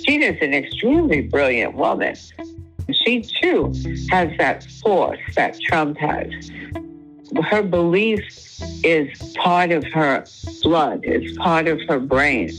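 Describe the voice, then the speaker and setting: An interviewee talks with emphatic enthusiasm, leaning hard on her words. The voice is mid-pitched, with faint music underneath. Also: big pitch swings, slow, a bit bright, poor audio.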